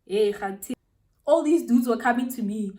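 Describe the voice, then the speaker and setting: A young South African beauty vlogger tells a story while putting on her makeup, animated, full of slang and laughing along the way. Her voice is fairly high, her pace moderate, and she sits far from the mic.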